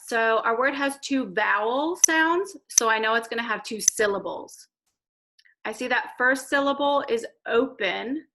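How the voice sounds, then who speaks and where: A woman teacher giving a recorded reading lesson to young children, slowly sounding out letters and words. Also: a little high, sharp tone, low-quality recording. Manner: slow, clear modelling of letter sounds.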